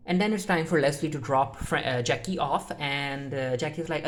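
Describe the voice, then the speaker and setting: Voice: mid-range voice, fast, few pauses. A reviewer recapping a TV episode in a loose, unscripted way, often breaking off with fillers and restarts and retelling each scene through the characters' lines. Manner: retells scenes in the characters' voices with "he's like" and "she's like". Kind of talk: casual spoken episode recap.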